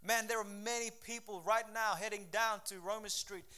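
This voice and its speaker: A middle-aged pastor preaching a sermon in a fervent, conversational way, with frequent restarts. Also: male voice, high-pitched, fairly even intonation, normal speed, bright, forceful tone, smooth.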